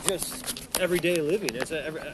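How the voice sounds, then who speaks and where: A man in a street crowd, halting and unsure as he asks a preacher for advice. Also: on the high side, a bit bright. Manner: halting, unsure, repeats himself. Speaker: listener asking for advice.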